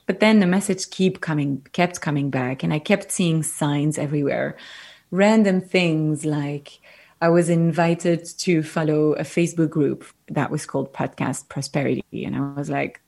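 A woman with a French accent, a guest on a podcast, telling stories animatedly and giving gentle, reflective advice. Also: low-pitched, normal speed, gravelly. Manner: animated storyteller, gentle and reflective when advising. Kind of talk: casual interview chat.

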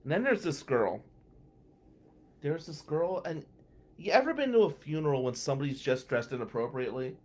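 A middle-aged man from New Jersey, a podcast guest telling a lively anecdote and acting out the people in it. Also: a little high, normal speed. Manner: animated, acts out the voices of people in his story. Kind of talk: storytelling anecdote.

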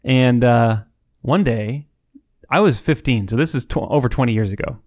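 A man's voice: mid-range voice, normal speed, a little mellow, no room sound, clean studio sound. A man in his late thirties with an ordinary mid-range voice, co-hosting a casual podcast. He tells stories with playful asides and laughs often. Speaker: podcast co-host. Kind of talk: casual chat.

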